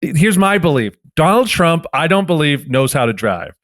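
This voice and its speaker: A man co-hosting a podcast winds through his thoughts with hedges and restarts. His voice sits a bit higher than most men's. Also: very animated, moderate pace, fairly bright tone. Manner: rambling, full of "like" and restarts. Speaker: podcast co-host. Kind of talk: casual comedic chat.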